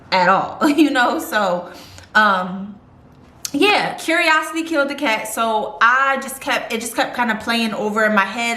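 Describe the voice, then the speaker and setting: A woman's voice: fairly high pitch, pushed and bright. Chatty young woman in an echoey room. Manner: chatty, rambling, lots of fillers. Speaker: vlogger. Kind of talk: casual storytime.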